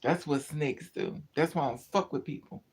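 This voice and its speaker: A livestreamer talking straight to chat with a gravelly, fry-edged voice. The talk is blunt and heavy with swearing, and it often drifts and trails off from tiredness. This is loose, unscripted storytelling. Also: medium pitch, normal speed, darkish tone.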